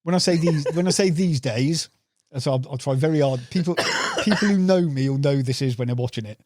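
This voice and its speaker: A man's voice: on the high side, a little fast, a little mellow, no room sound, studio quality. A man telling rambling fishing anecdotes as a podcast guest, calling the host "mate". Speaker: podcast guest, carp angler. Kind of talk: casual storytelling interview.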